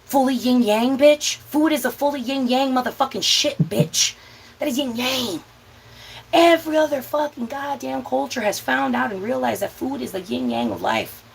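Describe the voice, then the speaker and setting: Young woman, vlog host, higher-pitched voice, blunt profane rant, faint background noise. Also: gravelly, rough recording. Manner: blunt, profane, emphatic ranting; drawn-out words for emphasis. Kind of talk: casual ranting chat while cooking.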